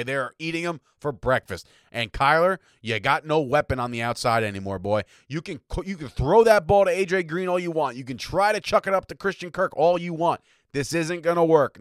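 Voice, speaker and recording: A man's voice: medium pitch, fairly bright tone, no echo, clean studio sound. A man hosting a fan sports podcast, ranting in a fired-up, combative way and often tagging lines with "right?" and "okay?", with a slight cough. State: has a cough. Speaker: podcast host. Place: home attic room.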